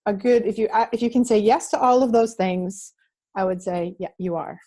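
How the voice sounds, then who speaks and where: A woman's voice: medium pitch, moderate pace, dark tone. A woman who is a guest on an interview show, earnestly explaining her subject with questions and vivid images. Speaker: guest, reiki teacher.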